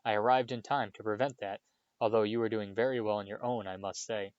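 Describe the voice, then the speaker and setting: A man voicing a calm, kindly old male headmaster wizard who speaks gently and wryly, in a storybook reading. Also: on the low side, dry recording, dull audio, natural voice. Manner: gentle, measured and wry.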